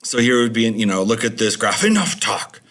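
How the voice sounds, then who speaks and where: A man's voice: mid-range voice, sing-song, normal speed, fairly bright tone. A man teaching a recorded video lesson, chatty and rambling with many fillers.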